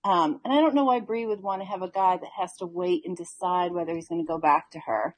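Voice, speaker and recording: A woman's voice: fairly low pitch, fairly quick. A woman caller leaving an upbeat, chatty voice message reviewing an episode. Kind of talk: casual recorded voice message.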